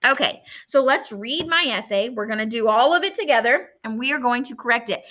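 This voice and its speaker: A woman's voice: on the high side, lively intonation, fairly quick, pushed and bright. A woman teacher giving a lesson to young children at home, reading her own essay and thinking aloud in a friendly way.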